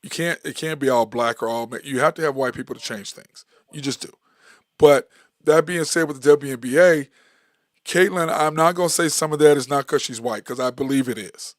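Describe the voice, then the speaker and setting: A man's voice: medium pitch, fairly quick, no room sound, clean studio sound. A middle-aged man, hosting a casual sports talk show, telling stories emphatically and repeating his points. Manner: storytelling, emphatic, repeats phrases.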